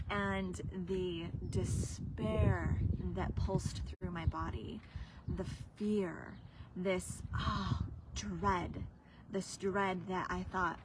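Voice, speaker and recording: A woman's voice: lowish voice, fairly even intonation, takes it slowly, heavy background noise. A woman and business coach telling a personal story on a livestream, earnest and emotional, sometimes dropping to a whisper.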